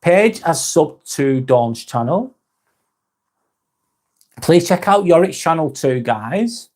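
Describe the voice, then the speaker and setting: A man's voice: a little high, lively intonation, takes it slowly, a little mellow. A man from northwest England, hosting a live stream in a casual chat style, reading viewer comments aloud and replying in a friendly way.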